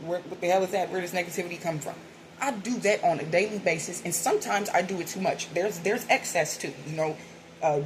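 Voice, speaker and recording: Candid low-voiced woman, noisy room. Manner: candid, rambling, swears casually. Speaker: spiritual video host. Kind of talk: casual spiritual talk to camera.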